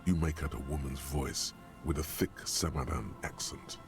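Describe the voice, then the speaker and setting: An actor playing a calm game narrator, measured and matter-of-fact. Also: male voice, rumbling low, over music. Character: calm deep-voiced male game narrator.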